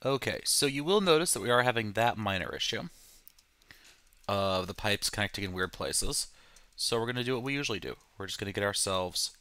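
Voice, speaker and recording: A man's voice: lowish voice, animated, fairly quick, pushed and bright, no echo. A man hosting a let's play, talking through his game with casual, joking, self-deprecating asides. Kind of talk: casual gameplay commentary.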